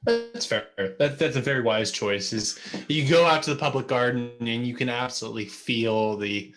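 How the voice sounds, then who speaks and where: A male game master narrates a tabletop game, describing the scene to his players at a normal pace in a mid-range voice. He's relaxed and friendly, rambling, repeating words and restarting phrases, with faint music behind.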